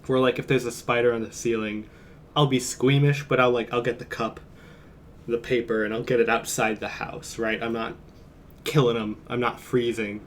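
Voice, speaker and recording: A man's voice: mid-range voice, flat delivery, moderate pace, a little hiss or hum. A man streaming from home, chatting casually in a rambling, jokey way and chuckling often. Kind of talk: casual live-stream chat.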